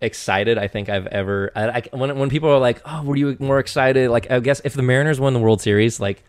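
Excitable man telling concert stories. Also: mid-range voice, fast, dry recording. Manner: excitable storyteller, bursts into shouted quotes. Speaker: podcast guest. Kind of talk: casual podcast chat.

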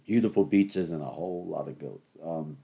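A young man with a deep, low voice rants on his own show. He rambles through stories, stops to talk straight to his listeners, and keeps a loose, joking tone. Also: normal speed, vocal fry, dark tone, husky. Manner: chatty, rambling, addresses listeners as people. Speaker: podcast host. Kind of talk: solo comedic rant.

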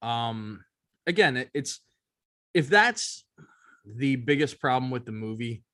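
A man's voice: medium pitch, animated, takes it slowly, a bit bright, dry recording, studio quality. A man co-hosting a podcast in casual chat, rambling and emphatic, often asking "you know what I mean". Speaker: podcast co-host.

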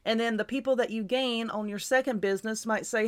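A woman's voice: a little high, quick pace, hardly any pauses. A woman hosting her own show, giving casual, reassuring advice in a chatty, repetitive way while stifling hiccups. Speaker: YouTuber and podcast host.

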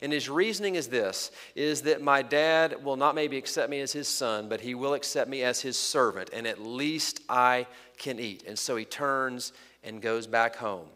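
A man preaching a sermon as pastor, earnest and emphatic, slowing down to stress key points. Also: mid-range voice, pushed and bright, in a large hall.

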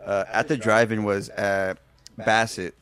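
A man's voice: lowish voice, flat delivery, a little slow, a bit bright. A man co-hosting a casual podcast, rambling through anecdotes with lots of fillers and self-mocking jokes. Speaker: podcast co-host. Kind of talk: casual chat.

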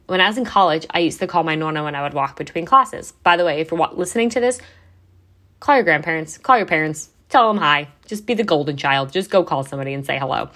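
A woman's voice: sits low, animated, quick pace, fairly bright tone. A young adult woman hosting a podcast, chatting casually and swearing now and then, with lots of "like". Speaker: podcast host.

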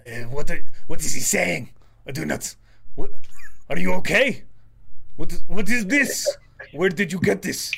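A man's voice: a little high, expressive, slow pace, vocal fry, hardly any pauses, dark tone, pitched above the performer's own voice, exaggerated voice. A man voicing a confused male guard, speaking broken, bewildered lines in a heavy made-up accent.

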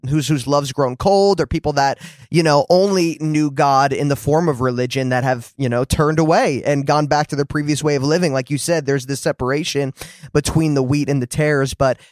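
Earnest man with a higher voice. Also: steady tone, normal speed, dry recording, clean studio sound. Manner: earnest, many restarts and fillers. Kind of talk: casual faith conversation.

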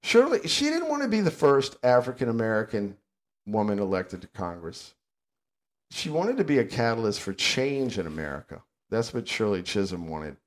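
A man's voice: lowish voice, big pitch swings, normal speed. An older man, co-hosting a casual podcast and ranting bluntly and sarcastically. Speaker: podcast co-host.

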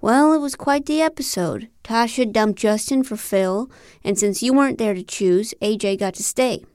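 A woman's voice: a little high, moderate pace, no echo, studio quality, close to an everyday voice. A woman reading an audiobook, voicing a friendly, earnest man in his thirties who talks in an eager, chatty way. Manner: chatty, eager, animated outbursts. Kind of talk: audiobook character voice.

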